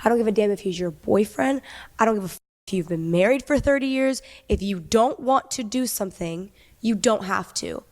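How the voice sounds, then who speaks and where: A woman's voice: mid-range voice, lively intonation, a little fast, darkish tone. Blunt, swearing woman host with reverb. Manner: blunt, profane outbursts. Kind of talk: interview reaction. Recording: long reverb.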